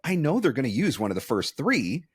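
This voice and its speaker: A man's voice: mid-range voice, very animated, fairly quick, breathy edge, no room sound, studio quality. A man hosting an interview, talking candidly and with self-deprecating humor. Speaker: podcast host. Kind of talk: conversational interview.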